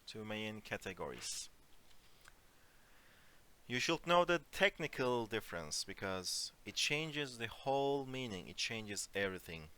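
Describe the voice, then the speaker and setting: A man teaching an online Turkish lesson in English, explaining phrases slowly and giving spoken examples. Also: lowish voice, big pitch swings, sharp tone, clear, resonant tone. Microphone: computer mic on a voice call.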